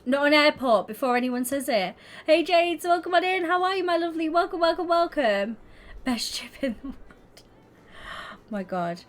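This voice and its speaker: A woman's voice: high-pitched, lively intonation, moderate pace. A young woman streaming, chatting casually and giggling as she talks to her viewers. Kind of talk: casual livestream chat while gaming.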